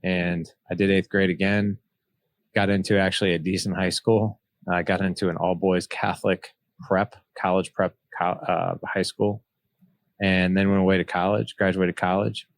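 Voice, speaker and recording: A deep-voiced man in his forties speaks in a candid, reflective way, slipping into the voices of people from his past. The recording is dry, with no room sound. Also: level tone, normal speed, no room sound. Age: 40s. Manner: earnest, reflective, acts out dialogue from memory. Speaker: podcast guest, author. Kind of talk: candid personal storytelling.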